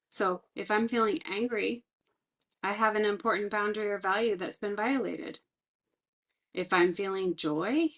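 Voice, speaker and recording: A middle-aged woman trainer, speaking in an earnest, reflective way about her own life and teaching skills, slowing down to stress key words. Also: mid-range voice, fairly bright tone. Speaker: resilience trainer. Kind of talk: personal talk with teaching.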